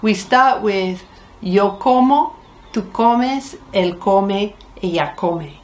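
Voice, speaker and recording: Woman teacher, slow deliberate delivery, cheerful, drills vocabulary by repetition. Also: medium pitch. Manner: drills words slowly, repeats each one; cheerful, mixes English and Spanish. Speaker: Spanish teacher. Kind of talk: language lesson.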